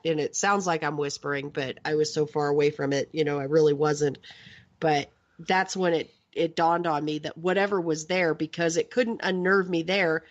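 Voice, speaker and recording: A woman's voice: sits low, moderate pace. A woman, a paranormal investigator, chatting casually in a radio interview about a spooky experience, in lo-fi audio. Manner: chatty storytelling, relaxed.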